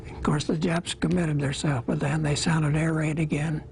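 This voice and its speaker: A man in his eighties from Iowa, a war veteran telling his memories in an interview, plain-spoken and halting, with small pauses. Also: fairly high pitch, level tone, vocal fry, a little mellow, slight background noise, rough recording.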